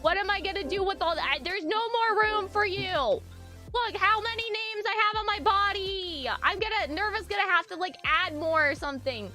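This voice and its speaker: A woman streaming live and chatting casually with her viewers, swinging between excited squeals and low mumbling. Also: normal speed, over loud music.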